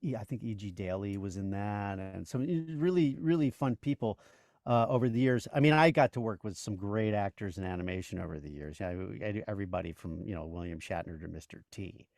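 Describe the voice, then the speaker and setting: A man's voice: lowish voice, a little fast, gravelly, darkish tone, no echo, clean studio sound. A man in his sixties, a voice actor and comedian, telling stories as a guest in a casual interview, rambling with many "you know"s and restarts.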